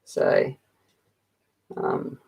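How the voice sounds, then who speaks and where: A woman's voice: extremely slow, darkish tone. Giggly Australian woman chatting live. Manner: playful, giggly, laughs often. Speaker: livestream host. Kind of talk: casual chat with viewers while colouring.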